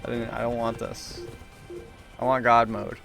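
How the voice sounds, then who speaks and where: A young adult streamer speaks in a gravelly, slightly bright, monotone voice of medium pitch, unhurried, with faint music behind him. Playing a game, he chats to viewers in a rambling, profane, self-deprecating way.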